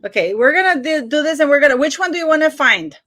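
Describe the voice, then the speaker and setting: A woman's voice: high voice, animated, fast, sharp tone, dry recording, clean studio sound. A woman hosting a casual live stream over a video call, chatty and repetitive, fumbling with her screen-sharing as she talks. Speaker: livestream host.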